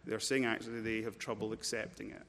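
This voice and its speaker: A man preaching a sermon, emphatic, swinging between loud urgency and low intensity and repeating words as he builds a point. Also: level tone, quick pace. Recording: long church-hall reverb.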